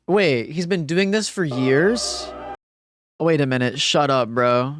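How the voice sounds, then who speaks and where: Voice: mid-range voice, slow, no room sound. A game streamer on a livestream, talking back to chat in an exasperated, profane rant.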